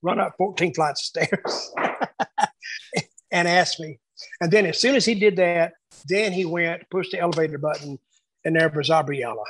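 A man reminiscing casually about his years booking shows, telling lively anecdotes and acting out the quotes. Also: fairly high pitch, no echo, rough recording. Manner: animated storyteller acting out quotes. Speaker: wrestling booker telling stories.

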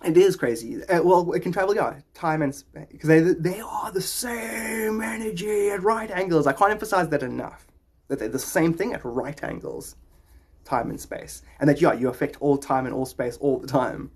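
A man's voice: medium pitch, moderate pace, a little mellow, breathy edge. A man hosting a podcast, rambling in a jokey, philosophical way. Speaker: podcast host. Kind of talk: rambling casual talk.

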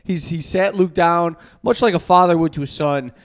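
A man co-hosting a podcast in casual, joking chat, often slipping into quick put-on voices. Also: fairly high pitch. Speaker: podcast co-host.

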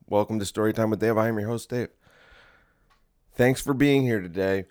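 A man's voice: mid-range voice, brisk, darkish tone. A man hosting his own solo podcast from his bedroom at home, chatting in a restless, jokey way that keeps getting sidetracked. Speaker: podcast host. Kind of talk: rambling solo podcast chat.

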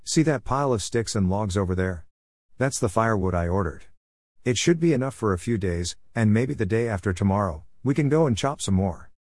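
A man's voice: lowish voice, animated, fairly quick, darkish tone, dry recording, studio quality. A man reading a story, voicing a patient but firm grandmother on a camping trip.

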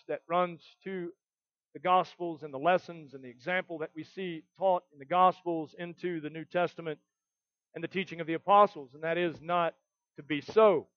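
Man, pastor preaching, high voice, dry dull lo-fi sound. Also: no room sound. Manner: earnest preaching, reads scripture aloud with emphasis. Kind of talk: sermon.

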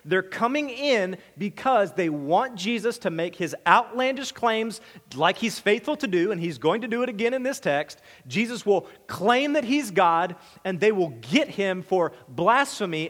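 Conversational preacher with a high voice. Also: male voice, long reverb tail. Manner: conversational, asks rhetorical questions, repeats and restarts words; voices the crowd's demand in a higher, louder tone. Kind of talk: expository sermon.

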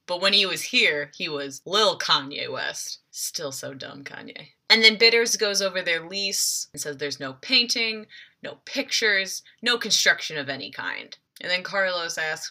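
A woman hosting a casual recap of a TV episode, retelling scenes in a chatty way with quick asides. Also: on the low side, lively intonation, pushed and bright. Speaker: show recap host.

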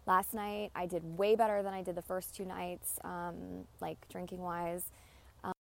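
A woman's voice: on the low side, little pitch movement, measured pace, vocal fry. A woman hosting a podcast, giving blunt, emphatic advice in a casual monologue and often repeating herself. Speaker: podcast host.

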